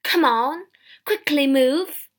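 A woman reading a storybook, voicing a loud, eager, servile Victorian male showman who calls everyone sir. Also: sits high, expressive, measured pace. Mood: barking orders.

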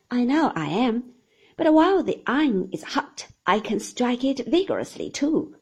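A breezy, restless young gentleman who talks gaily and shrugs things off, read by a woman. The voice is higher and lively, with a very breathy, husky texture. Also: heavily acted. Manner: gay, brisk, offhand.

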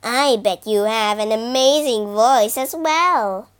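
A woman doing a sly flattering fox. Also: on the high side, clean tone. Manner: slow flattering coo. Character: sly smooth-talking male fox.

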